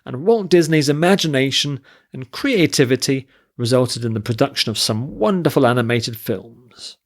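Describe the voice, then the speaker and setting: A man's voice: mid-range voice, animated. A man teaching an English vocabulary lesson, listing word forms and reading example sentences carefully. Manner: slow, deliberate, spells out word forms and stress.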